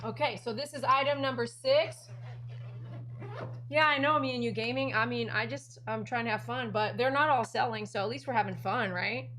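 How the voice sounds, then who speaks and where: A woman's voice: on the high side, steady tone, moderate pace, a bit bright, slight background noise. Chatty woman selling on a live stream. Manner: chatty, talks to her dogs and viewers. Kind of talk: casual live auction chat. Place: at home.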